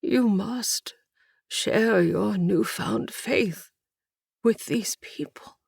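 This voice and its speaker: A woman voicing a gravely ill old male reverend who can barely speak. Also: medium pitch, a little mellow, no echo, clean studio sound, voice pushed up, heavily acted. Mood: weak. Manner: breathy whisper, slow.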